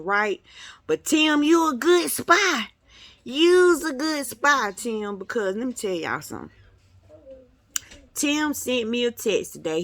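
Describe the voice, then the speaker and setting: A woman at home, talking to her viewers in a playful, animated way. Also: medium pitch, no room sound. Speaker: vlogger. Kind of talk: casual chat to viewers. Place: at home indoors.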